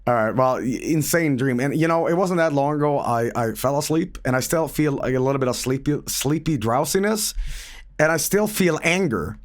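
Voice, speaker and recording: A man's voice: a little high, animated, moderate pace. A man streaming a video game, rambling and profane about a dream and the game. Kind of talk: casual game stream commentary.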